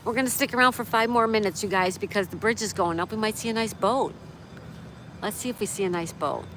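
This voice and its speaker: A woman's voice: mid-range voice, brisk. Chatty woman streaming outdoors by traffic. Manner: chatty, reads chat messages aloud and coos at her dog. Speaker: live streamer reading chat. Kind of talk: casual live-stream chat. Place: outdoors by a road in a town. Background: street and vehicle noise.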